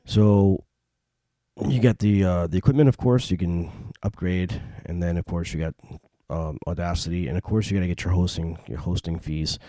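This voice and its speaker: A man hosting a solo podcast, chatting in a relaxed, rambling way with many fillers. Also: low voice, normal speed, no echo. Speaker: podcast host. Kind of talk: casual solo podcast talk. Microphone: home podcast mic.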